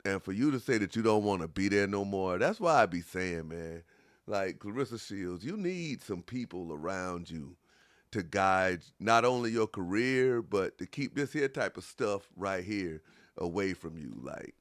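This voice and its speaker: A man's voice: deep voice, expressive, a little slow, dry recording, clean studio sound. A man hosting a call-in show, commenting on a clip in a casual, slangy, mocking and scolding way.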